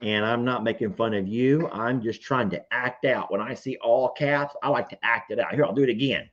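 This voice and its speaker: A man's voice: mid-range voice, normal speed. A man, casually chatting and reading viewer comments on his farm livestream. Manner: animated, chatty, reads comments aloud. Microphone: computer microphone. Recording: dull lo-fi livestream audio.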